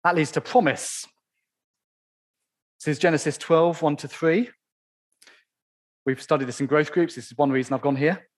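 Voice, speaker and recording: Emphatic preacher, a man mid-sermon. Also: a little high. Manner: emphatic, slows down to stress key phrases; rhetorical questions to the congregation.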